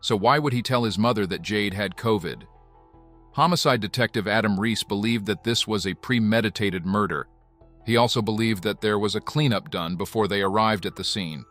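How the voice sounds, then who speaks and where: Measured, low-voiced male documentary narrator. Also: faint music behind. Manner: even, measured storytelling. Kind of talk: scripted narration.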